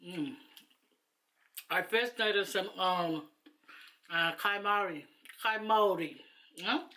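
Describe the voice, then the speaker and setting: A woman's voice: medium pitch, takes it slowly, sharp tone, slight background noise. A woman chatting casually to camera while eating, rambling and laughing between asides. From New Zealand. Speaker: mukbang vlogger.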